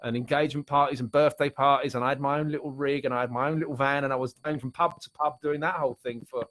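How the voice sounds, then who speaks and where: A man's voice: medium pitch, fairly even intonation, quick pace, noisy background. A middle-aged man from Essex with an Essex English accent, chatting casually as a guest and rambling with frequent restarts. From Essex, England. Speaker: musician and author guest. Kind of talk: casual chat.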